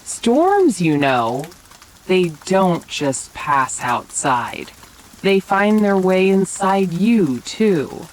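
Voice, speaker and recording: A woman voicing a wise older woman with an Eastern European accent, softly, in a whispered role-play. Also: on the low side, big pitch swings, drawn-out words, heavily acted, poor audio. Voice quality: soft, thick accented voice. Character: older silver-haired woman, wise and gentle.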